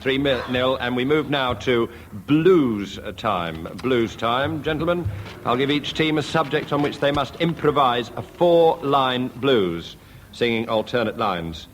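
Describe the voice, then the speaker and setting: A man chairing a radio comedy panel game, briskly announcing scores and setting rounds in a dry manner. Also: mid-range voice, animated. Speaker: quiz chairman. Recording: old radio broadcast with noise and audience.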